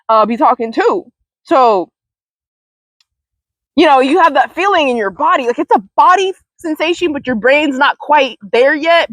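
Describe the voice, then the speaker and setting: A woman with a fairly high voice hosts a wellness show, talking informally to the camera in a rambling, slangy monologue. She repeats words, laughs often, and swears from time to time. The audio is poor but echo-free.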